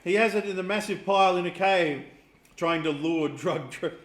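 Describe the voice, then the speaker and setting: A man's voice: high voice, normal speed, fairly bright tone. An Australian man co-hosting a casual chat show, laughing and bantering with his partner. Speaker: co-host. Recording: echoey room, faint noise.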